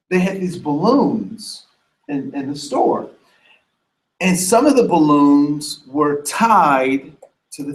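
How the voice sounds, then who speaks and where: A diversity trainer with a fairly high voice delivers a lively, animated workshop lecture, pulling the audience in by asking the room questions and acting out quotes. He is recorded from a distance across an echoey room.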